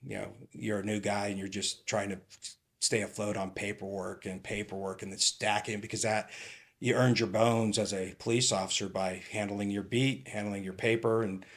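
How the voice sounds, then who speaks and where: Middle-aged ex-cop guest, lowish voice, halting rambling anecdotes with lots of fillers. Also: male voice. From California. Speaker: retired police captain, podcast guest. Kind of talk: casual interview storytelling.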